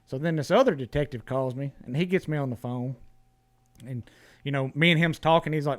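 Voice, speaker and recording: A man's voice: mid-range voice, a little fast. A man, a podcast guest telling a story in casual talk, blunt and profane, often restarting his words.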